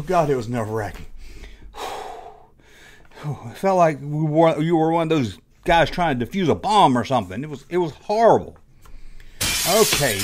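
A middle-aged man with a slightly high voice hosts a casual nostalgic vlog. He talks in a jokey, animated way and keeps acting out his childhood reactions. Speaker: host.

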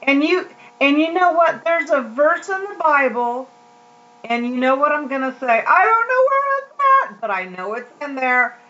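A woman's voice: high voice, moderate pace, fairly bright tone, muffled recording. A woman giving a casual, heartfelt devotional talk to her viewers, rambling with many fillers and restarts. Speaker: Christian vlogger.

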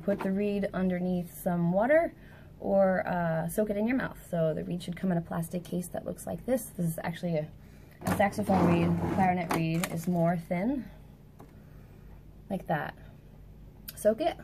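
A young woman teacher walks through clarinet basics in a casual, self-correcting way. Her voice sits low, with a dark, mellow tone. A faint background hiss fills the room. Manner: chatty, self-correcting, laughs at herself. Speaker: music teacher. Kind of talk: casual instrument tutorial. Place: indoors at a table.

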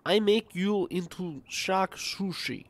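A man's voice: high-pitched, slow, pitched above the performer's own voice. A man voicing a boastful shark hunter in a clumsy put-on foreign accent with broken grammar, while playing a video game.

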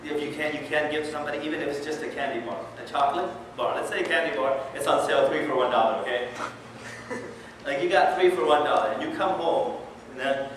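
Guy giving a chatty sermon, bit high voice, far off mic in a boomy hall. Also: fast talker. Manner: conversational, animated, asks the audience questions. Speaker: Islamic lecturer. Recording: echoey hall from far off, noisy.

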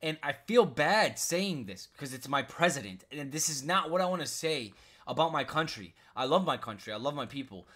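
A man's voice: fairly high pitch, sing-song, normal speed, bright, forceful tone. A man from the United States ranting about politics in a vlog, frustrated and repetitive, throwing in "bro" and "like". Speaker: commentary vlogger. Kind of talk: political rant.

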